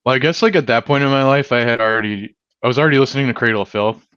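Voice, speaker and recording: A male musician guest in a casual interview, speaking in a relaxed way full of "like" and "um". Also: medium pitch, very fast, clean tone, dry recording, lo-fi sound. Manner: relaxed, lots of "like" and "um" fillers.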